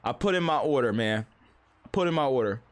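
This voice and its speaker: A man's voice: mid-range voice, lively intonation, fairly quick. A man live-streaming, ranting casually and profanely in a rambling, storytelling way.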